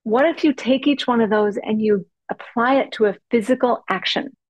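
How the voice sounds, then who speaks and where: A woman coach leads a workshop in a fairly high, bright-sounding voice, playful and animated. She lingers on the sounds of words, stretching them out, and acts out her example phrases. The recording is dry and close, with almost no room sound. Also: normal speed, no room sound, lo-fi sound. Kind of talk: teaching workshop talk.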